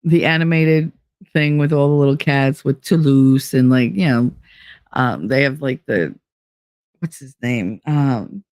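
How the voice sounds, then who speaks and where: A host from the UK, chatting casually and reading out live comments, with animated, sarcastic asides. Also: mid-range voice, unhurried, no room sound, clean studio sound. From United Kingdom. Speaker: livestream podcast host.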